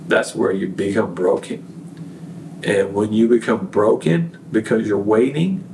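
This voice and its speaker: A man's voice: fairly low pitch, takes it slowly, creaky, darkish tone, echoey room, distant mic, slight background noise, low-quality recording. A man, a podcast guest, giving an earnest, preachy faith testimony full of fillers and restarts. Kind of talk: casual testimony.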